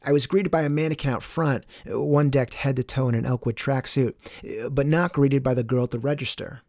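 A young man telling a personal story in a wry, deadpan way. His voice sits in an ordinary middle pitch. The recording is dry and close, with no room sound. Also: fairly quick, no echo. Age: young adult.

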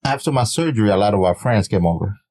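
Low, lively man on a podcast. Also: fast talker. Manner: laid-back, profane, laughs easily. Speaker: podcast co-host. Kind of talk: casual chat.

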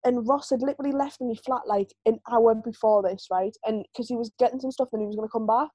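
A woman's voice: a little high, steady tone, fast, warm tone, dry recording, rough recording. A woman, co-hosting a podcast and telling a long personal story in a candid, rambling way, full of "like" fillers. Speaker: podcast co-host. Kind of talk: casual chat.

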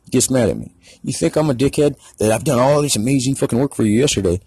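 A man's voice: medium pitch, expressive, quick pace, mellow, slightly rough, dry recording. A man telling a rambling, profane story in a casual rant. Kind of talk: casual ranting anecdote.

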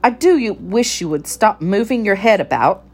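A crafty old woman rat mutters brisk, dismissive remarks, voiced by a woman reading a storybook. Her tone is sly and busy. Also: medium pitch, lively intonation, slightly rough, pitched above the performer's own voice.

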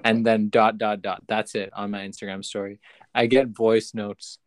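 A man hosting a podcast, chatting in an animated, joking way with many restarts. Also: on the low side, moderate pace, no echo. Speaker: podcast host. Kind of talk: casual chat.

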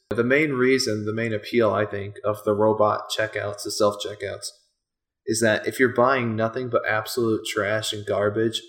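A man's voice: lowish voice, gravelly, fairly bright tone. A man co-hosting a podcast in casual chat, with dry, self-deprecating humor and frequent laughs. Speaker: podcast co-host.

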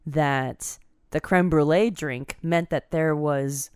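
A woman co-hosting a casual chat, telling stories in a giggly, animated way. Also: low voice, takes it slowly, clean tone, no echo, clean studio sound.

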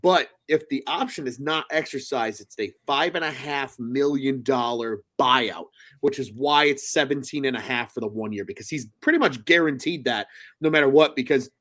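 A man hosting a live sports podcast, chatting with energy and telling stories in an animated way. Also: medium pitch, normal speed. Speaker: podcast host.

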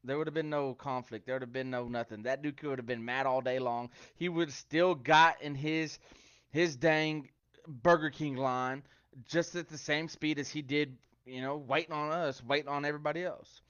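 A man's voice: a little high, steady tone, normal speed, a bit bright, smooth, dry recording. Chatty man sharing a casual devotional. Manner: chatty, joking, quotes scripture. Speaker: online devotional speaker. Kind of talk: casual devotional livestream talk. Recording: dry, dull lo-fi sound.

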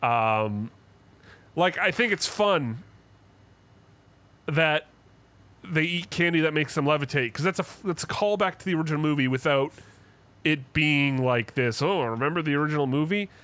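Young male podcast co-host, slightly higher voice, worked-up ranter who swears and acts out quotes. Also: expressive, a little slow, long pauses, a bit bright. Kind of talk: casual chat.

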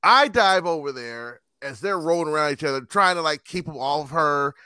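Animated man telling stories, bright voice. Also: a little high, moderate pace, clean tone, no echo, studio quality. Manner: animated storyteller, acts out quoted voices. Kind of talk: casual storytelling chat.

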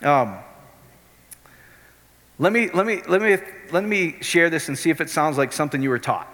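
A middle-aged man preaches with a forceful, bright edge. He talks animatedly and keeps checking in with the crowd. His voice rings out with a long hall reverb. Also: on the high side, normal speed. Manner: animated, keeps asking the crowd if it makes sense. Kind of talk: sermon.

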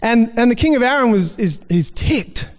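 A man's voice: extremely high pitch, expressive, normal speed. A man preaching a sermon as pastor in a casual, conversational way, often restarting and briefly voicing the people in his story. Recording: long reverb in a hall.

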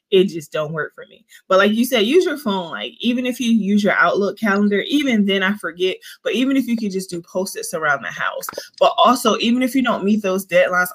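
A woman in her thirties hosting a casual faith podcast, speaking in an earnest, animated, preachy way while eight months pregnant. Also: medium pitch. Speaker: podcast host. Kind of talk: casual Christian podcast chat.

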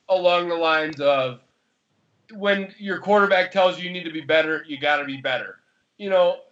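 A man co-hosting a casual sports podcast, fired up and swearing as he argues. His voice sits a bit high and bright, and the dull, lo-fi audio takes the sparkle off the top. He talks in quick bursts. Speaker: podcast co-host.

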